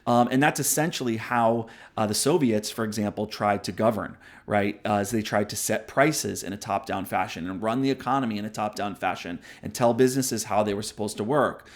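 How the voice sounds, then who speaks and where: A man with a fairly low voice runs a book review show, talking a little fast with hardly any pauses. He explains ideas in a casual way, keeps asking "right?", and owns up to his digressions.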